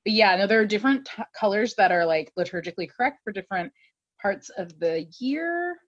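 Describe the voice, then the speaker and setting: A woman's voice: mid-range voice, a little fast, dry recording, muffled recording. A woman co-hosting a podcast, chatting casually and animatedly as she recaps a TV episode with laughter. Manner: animated, laughing, acts out quotes. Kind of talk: casual chat.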